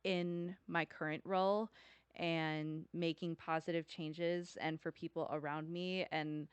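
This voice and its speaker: A woman co-hosting a casual podcast, talking in an earnest, chatty way. Her voice sits a little low and sounds smooth and clear. The recording is dry and close. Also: little pitch movement, slow pace, dry recording. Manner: chatty, laughs often, earnest. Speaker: podcast co-host.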